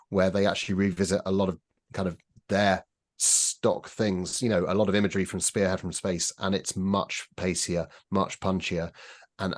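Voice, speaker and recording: A man with a fairly low voice talks casually on a podcast panel. He gives his views in a dry, wry way, with a critical edge. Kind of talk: casual chat.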